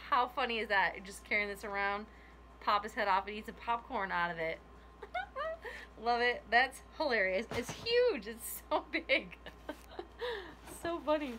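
Bright-voiced woman unboxing stuff on her channel, giggly and gushy, kinda high, little hiss behind. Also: big pitch swings, unhurried, long pauses. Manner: giggly and gushing, frequent laughs and gasps. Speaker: YouTuber opening a gift box. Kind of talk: casual unboxing vlog.

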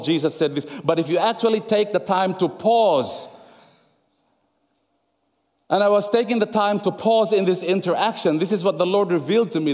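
A man preaching a sermon as pastor, emphatic and repetitive, going soft and low when quoting scripture. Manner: emphatic preaching, repeats phrases for effect, drops soft and low for quoted words. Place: church sanctuary. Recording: long church hall reverb.

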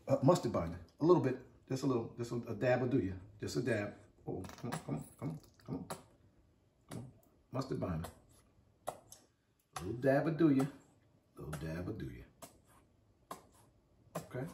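A man's voice: medium pitch, a little mellow, a little hiss or hum. A man hosting a casual cooking video, chatty and hyped, repeating catchphrases to his viewers as he works. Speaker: cooking channel host. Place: home cooking area, then outdoor backyard grill. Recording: echoey, distant camera audio.

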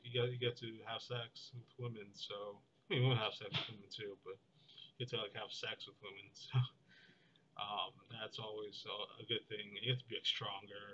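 Rambling young man, bright lo-fi voice. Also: lowish voice, slight background noise. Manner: meandering, full of fillers and restarts, deadpan. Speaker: vlogger. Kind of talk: rambling monologue.

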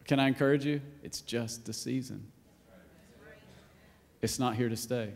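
A male pastor preaching a sermon in a church in a casual, playful way, acting out quotes and sometimes shouting. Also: mid-range voice, fairly even intonation, unhurried, gravelly, pauses often. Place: church auditorium. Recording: long hall reverb.

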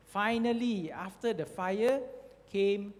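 A man telling a Bible story to children in a slow, expressive way, often asking them questions. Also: sits high, long reverb tail. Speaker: Sunday school storyteller.

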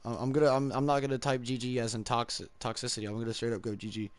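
A man's voice: medium pitch, flat delivery, racing. A man giving casual, rambling commentary while playing a match, mocking himself and saying dude a lot. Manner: rambling and self-mocking, says dude often. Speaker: gamer streaming his match. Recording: loud background noise.

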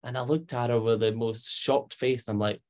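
A man's voice: medium pitch, moderate pace. A Scottish man, guest on an interview, telling personal stories in a chatty way, acting out the voices of people he quotes and using many fillers. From Scotland. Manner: animated, acts out quoted voices, frequent fillers. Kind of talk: conversational storytelling.

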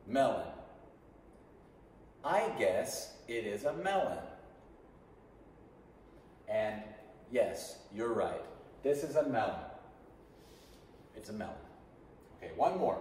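A man's voice: on the low side, very animated, takes it slowly, long pauses, a little mellow, slight background noise. A man teaching an online English class, patiently drilling sentence patterns for students to repeat. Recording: echoey room from a distance.

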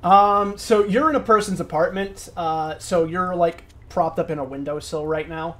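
Rambling male game master, slightly high. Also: moderate pace, fairly bright tone. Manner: rambling, many ums and likes. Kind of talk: narrating a tabletop game.

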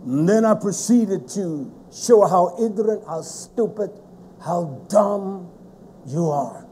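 A man preaching a fiery sermon, forceful and scolding, with heavy emphasis. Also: high voice, animated, slow pace, slight background noise.

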